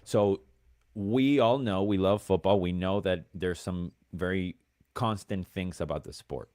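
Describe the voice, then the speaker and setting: A man's voice: low voice, measured pace, a little mellow, no room sound. An American man talking football as a guest pundit on a video call, enthusiastic and self-deprecating. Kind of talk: casual football chat.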